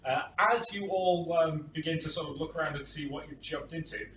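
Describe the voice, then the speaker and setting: A man narrating as game master, rambling and filling his pauses with ums. His voice is bright and fairly high. He sits far from the mic in an echoey room with faint noise. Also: steady tone. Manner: rambling, many ums and uhs.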